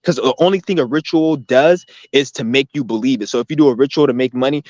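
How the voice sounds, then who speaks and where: Fast-talking profane man ranting on a stream. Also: mid-range voice, darkish tone, dry recording, lo-fi sound. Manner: profane, rambling, combative. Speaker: livestream host. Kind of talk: ranting livestream monologue. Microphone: laptop or computer mic, no headphones.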